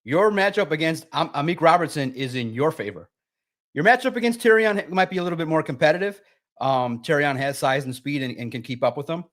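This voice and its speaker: Animated man talking football. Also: a little fast. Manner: animated, emphatic, jumps into sharp high pitch for emphasis. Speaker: sports show co-host. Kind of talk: casual sports talk.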